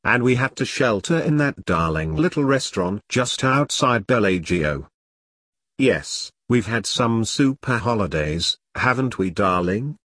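A man's voice: medium pitch, expressive, unhurried, fairly bright tone, no room sound, studio quality. A man voicing a gushing upper-class holidaymaker with an affected posh drawl in a storybook reading. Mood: fond.

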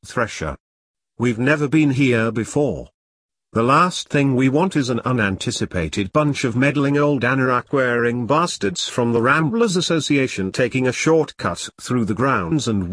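A man voicing a hulking, pompous male cult leader who booms theatrically and speaks with contempt. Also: moderate pace, a bit bright, slightly rough, no echo, clean studio sound. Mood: contemptuous.

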